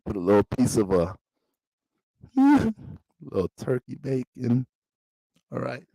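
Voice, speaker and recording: A grand, churchy mock preacher chanting praise with big swings in pitch, as a man puts him on. The delivery is preachy and dry, close to the mic. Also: huge pitch swings, slow, vocal fry, warm tone, dry recording, exaggerated voice, rough recording. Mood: preaching.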